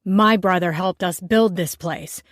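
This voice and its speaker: A woman's voice: on the low side, no room sound, lightly acted. Angry bar co-owner, a man who snarls and leans hard on his words, put on by a female reader; dry, close recording. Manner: loud, slow, snarling emphasis. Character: cranky slick man, bar co-owner, hot-tempered.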